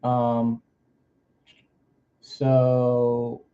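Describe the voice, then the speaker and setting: A mellow, dark-toned man with a Southern accent rambles through a casual livestream, cracking jokes between giveaways. He is from Florida. The audio is a little muffled and lo-fi. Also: mid-range voice, completely flat delivery, drawn-out words. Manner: rambling, joking, drawling asides. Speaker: livestream host. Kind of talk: casual stream chat.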